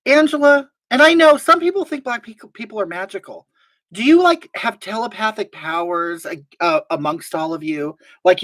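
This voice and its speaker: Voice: mid-range voice, close to an everyday voice. A performer playing a brash, gossipy woman livestreamer who rambles and gets indignant while reading chat aloud, in a live comedy stream. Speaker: livestream host.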